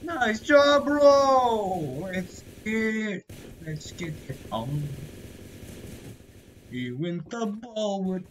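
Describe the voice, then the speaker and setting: A gaming creator doing casual let's-play commentary, excitable and slangy, blurting reactions and yelling at other players. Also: mid-range voice, drawn-out words, a little hiss or hum. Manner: slangy gamer talk.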